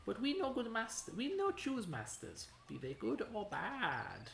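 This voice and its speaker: A woman's voice: mid-range voice, wildly swooping pitch, a little slow, creaky, echoey room, slight background noise, voice pushed up, heavily acted. A woman voicing a lovesick male paper pixel companion with a put-on Italian-sounding accent and flowery, broken English, reading game dialogue aloud. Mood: crooning.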